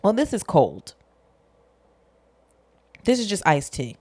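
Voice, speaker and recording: A woman's voice: medium pitch, huge pitch swings, slow pace, warm tone, dry recording. A young woman hosting a podcast, talking frankly and casually in a rambling way, swearing freely and joking at herself. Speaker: podcast host. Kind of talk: candid casual monologue.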